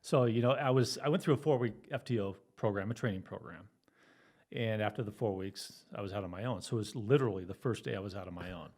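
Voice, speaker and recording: A middle-aged man recounts his police days in an easygoing, chuckling way. His voice sits fairly low, and he fills his pauses with ums and uhs. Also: darkish tone. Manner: easygoing storytelling, often laughing, with fillers. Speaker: guest, retired police officer. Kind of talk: telling his story in an interview.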